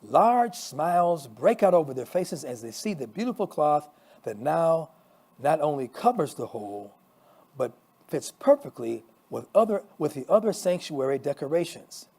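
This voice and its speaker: A male pastor reads a story aloud in a fairly high voice. His pitch rises and falls a great deal, and he stumbles and restarts now and then. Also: normal speed. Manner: expressive storytelling with small restarts. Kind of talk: reading a Christmas story aloud.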